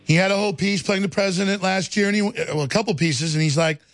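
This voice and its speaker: A man's voice: high-pitched, fast, faint music behind. A male talk radio host giving heated, combative political commentary in a ranting style. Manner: ranting, combative, repeats words.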